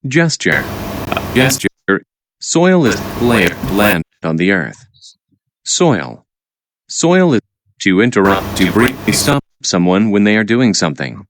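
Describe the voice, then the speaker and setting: A man reading out vocabulary words and their definitions, halting and repeating each word after explaining it. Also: lowish voice, big pitch swings. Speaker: vocabulary teacher. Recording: noisy recording with clicks.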